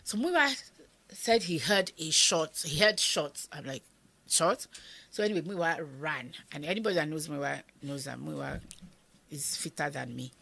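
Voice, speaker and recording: A middle-aged Nigerian woman with a Nigerian accent, telling a personal story as an interview guest, animated and acting out voices, sometimes dropping to a whisper. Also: deep voice, moderate pace, vocal fry, slightly rough. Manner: animated, acts out quoted voices, drops to whispers.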